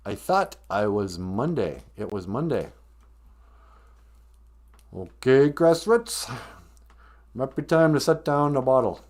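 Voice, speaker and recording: A man's voice: mid-range voice, sing-song, normal speed, hardly any pauses, darkish tone. Podcast guy rambling thru a story, jokey, voice all over the place, hums bits. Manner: rambling, jokey, sing-song asides. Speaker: podcast host. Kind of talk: comedic storytelling.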